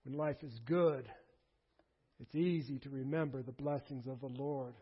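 A man's voice: medium pitch, steady tone, unhurried, slightly rough, highs cut off. A man preaching a sermon, emphatic and repeating key phrases with rising force. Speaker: pastor.

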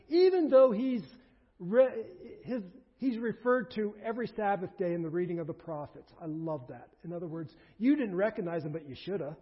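A man preaching a sermon as a pastor, emphatic and rising to forceful peaks. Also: sits high, animated, brisk. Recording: dull lo-fi sermon recording.

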